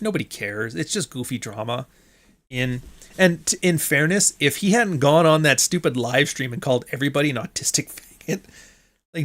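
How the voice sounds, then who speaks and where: Sardonic profane man telling stories. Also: on the high side. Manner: profane, sardonic, laughs often, acts out quotes. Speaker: podcast host. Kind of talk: casual storytelling monologue.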